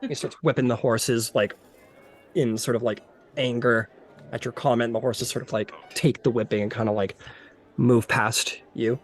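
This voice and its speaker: Rambling young game master. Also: male voice, mid-range voice, steady tone, moderate pace. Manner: loose, full of "like" and "sort of". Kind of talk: narrating a tabletop game.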